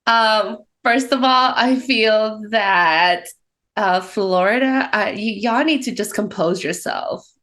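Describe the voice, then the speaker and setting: A woman co-hosting a casual podcast chat, relaxed and easygoing. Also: mid-range voice, slow pace. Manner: laughs often, relaxed and easygoing. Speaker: podcast co-host.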